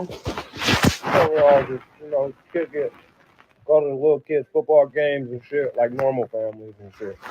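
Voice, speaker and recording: A man's voice: mid-range voice, a little mellow, slight background noise. A man talking loosely on a livestream, laughing often and swearing freely as he rambles. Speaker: livestream host reacting to family drama. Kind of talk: casual livestream talk. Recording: dull lo-fi sound.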